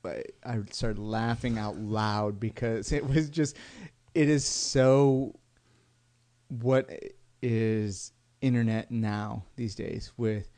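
A man co-hosting a casual podcast chat, easygoing and quick to laugh. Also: on the low side, warm tone. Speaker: podcast co-host.

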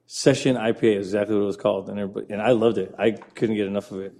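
A man with a lowish, mellow voice chats eagerly about beer. He talks in quick bursts and trails off, in a relaxed podcast conversation. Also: creaky. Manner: enthusiastic, chatty, laughs easily. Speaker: podcast host. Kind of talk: casual beer chat.

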